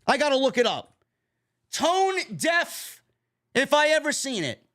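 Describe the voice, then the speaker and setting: A man ranting on a stream with a high voice that swings widely up and down. He is profane and exasperated, and he mocks people in sarcastic put-on tones. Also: big pitch swings, unhurried, bright, forceful tone. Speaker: wrestling commentary host.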